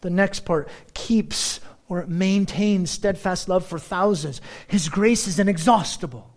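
High-voiced man preaching a lively sermon. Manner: animated, shifts between slow emphatic phrasing and quick asides. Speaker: pastor.

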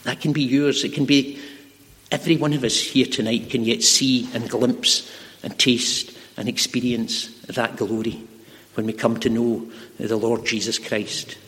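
Man, preacher, earnest storytelling sermon, medium pitch, long hall reverb. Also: fairly even intonation, fairly bright tone. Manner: earnest, slows for emphasis.

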